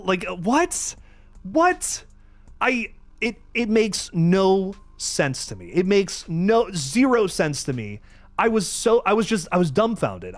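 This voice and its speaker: A man's voice: on the high side, no room sound. A young man hosting a live movie review stream, frustrated and rambling, stammering through restarts and swearing as he reads out donations.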